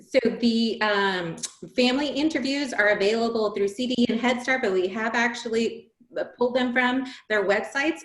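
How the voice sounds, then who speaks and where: Woman presenter, animated Q&A delivery with acted-out examples, roomy echoey sound. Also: fairly high pitch. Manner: animated, acts out examples in lively voices. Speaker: webinar presenter. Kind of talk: webinar Q&A answers. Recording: roomy echo.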